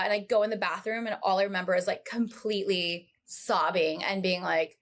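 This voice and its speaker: A woman guest on a podcast, telling her story in a casual, animated, chatty way full of asides. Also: mid-range voice, brisk, hardly any pauses.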